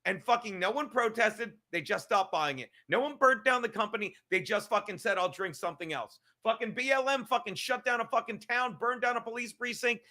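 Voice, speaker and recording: A man's voice: extremely high pitch, fairly quick, hardly any pauses, bright, forceful tone. A male podcast host in a profane live-stream rant, angry and emphatic, swearing constantly and repeating his points.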